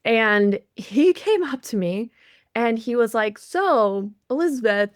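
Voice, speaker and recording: A woman coach hosting a podcast talks in a casual, animated way. Her voice sits fairly high, and she rushes through phrases and laughs as she goes. The close mic sounds dry, with no room echo. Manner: animated storyteller who speeds up and laughs easily. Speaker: polyamory coach and podcast host.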